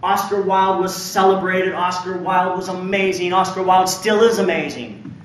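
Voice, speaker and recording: A man with a rather high voice delivers a public lecture, building his points with emphatic storytelling and the odd wry joke. He is picked up from a distance in a large hall, so his words ring with heavy echo. A faint hum of room noise sits underneath. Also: normal speed. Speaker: university lecturer. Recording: echoey hall from far off.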